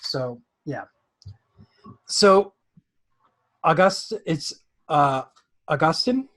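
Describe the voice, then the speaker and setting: Joking loud american man hosting a call. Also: a little high, animated, extremely slow. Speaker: stream host. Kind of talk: casual video call chat. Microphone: video call.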